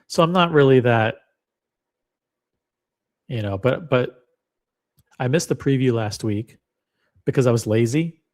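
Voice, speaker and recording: His voice is mid-range and somewhat dark, expressive, measured in pace, and broken by long pauses. He hosts a casual livestream, wandering from topic to topic and cracking self-deprecating jokes to his audience.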